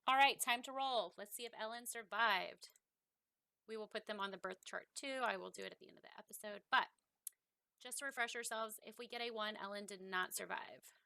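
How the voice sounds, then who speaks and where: A young woman commenting on her own game play in a chatty, emotional way, murmuring softly at times and yelling when things go wrong. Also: mid-range voice, a little fast, vocal fry, no echo. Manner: emotional, swings from soft muttering to loud yelling; chatty, many fillers, talks to her viewers. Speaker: game streamer.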